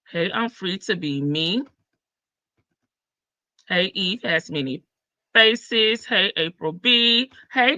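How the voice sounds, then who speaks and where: Bright-voiced chatty woman livestream host. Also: mid-range voice, no echo, highs cut off. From Chicago. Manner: chatty, greets viewers one by one, sassy asides. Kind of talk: casual livestream chat.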